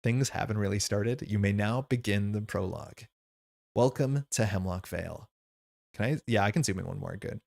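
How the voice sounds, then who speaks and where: A man hosting a board game session who reads the scenario aloud and adds chatty, upbeat commentary, thinking out loud as he plays. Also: fairly low pitch, normal speed, gravelly. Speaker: game host.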